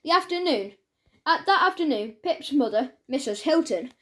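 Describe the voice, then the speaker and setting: A woman's voice: sits high, expressive, moderate pace, pushed and bright. A woman narrating a children's audiobook, reading aloud and voicing each character's lines.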